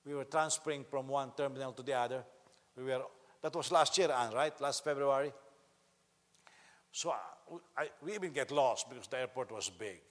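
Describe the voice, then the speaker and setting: A man preaching a sermon as pastor, animated, acting out quotes loudly and swinging from quiet to shouting. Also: medium pitch, moderate pace. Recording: long reverb of a hall.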